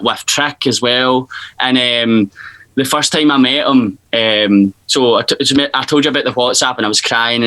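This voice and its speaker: A young Scottish man, a DJ and producer, telling stories in a casual video-call interview, animated and full of restarts. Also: medium pitch. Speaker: guest DJ and producer.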